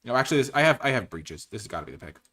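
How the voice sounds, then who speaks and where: A man's voice: medium pitch, sing-song, very fast, fairly bright tone, slight background noise. A man giving casual commentary as he drafts cards, thinking aloud and weighing his choices. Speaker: card game streamer.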